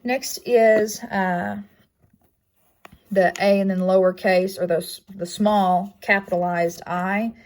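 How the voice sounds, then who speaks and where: A woman's voice: medium pitch, fairly even intonation, slow pace, darkish tone. A young woman giving a class project presentation, speaking plainly with frequent ums and uhs. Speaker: student presenter.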